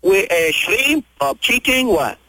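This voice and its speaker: A man's voice: sits high, expressive, takes it slowly, gravelly, sharp tone, heavily acted, poor audio. A man doing a hot-headed cook. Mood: businesslike. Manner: brusque, mixes Spanish curses into English. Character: hot-tempered male Puerto Rican restaurant worker. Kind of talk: radio prank call.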